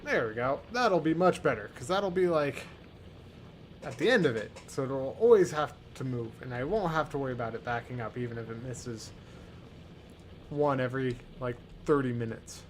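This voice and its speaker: A man's voice: medium pitch, expressive, normal speed, slight background noise. A man giving casual gameplay commentary, easygoing and muttering to himself with plenty of fillers. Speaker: gaming channel host.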